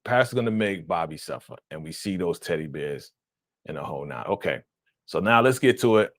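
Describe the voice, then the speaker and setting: A man hosting a casual live-stream reaction, animated and laughing, acting out quotes in a raised voice. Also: low-pitched, brisk, dry recording, clean studio sound.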